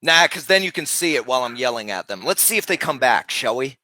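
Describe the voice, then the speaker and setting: A man live streaming, talking casually and loudly berating people with heavy profanity. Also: mid-range voice, big pitch swings, fast talker, no echo.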